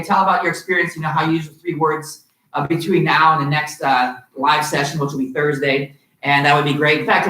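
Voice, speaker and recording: A man's voice: fairly high pitch, bright, forceful tone. An upbeat man leads a children's martial arts class, coaxing and cheering the kids along. His voice sits back from the microphone. The studio around him rings with echo. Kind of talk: live-streamed kids' class teaching. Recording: roomy sound from far off.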